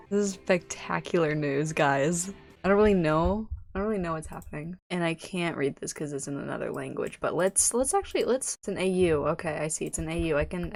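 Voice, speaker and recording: A young woman giving excitable reaction commentary as a YouTuber, giddy and rambling, often squealing and laughing. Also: lowish voice. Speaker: YouTuber reacting to fan videos.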